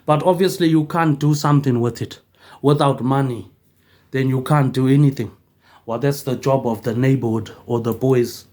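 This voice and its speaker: A man, rambling through a loose monologue of his own. His voice sits in an ordinary middle pitch. He ends nearly every phrase with a quieter "mate, eh". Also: moderate pace. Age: 40s. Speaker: vlogger.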